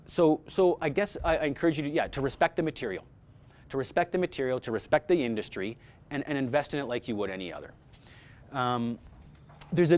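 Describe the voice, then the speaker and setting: A middle-aged man gives a workshop talk to actors on voice-over work. He talks with energy, often restarts his sentences, and speaks straight to the group in a room with a small live audience. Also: medium pitch.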